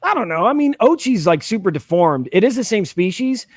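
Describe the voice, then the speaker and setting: Man, host, casual reaction chat, higher voice, dry close sound, rambling, excited. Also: a little fast, no room sound. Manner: rambling, enthusiastic, many fillers and restarts.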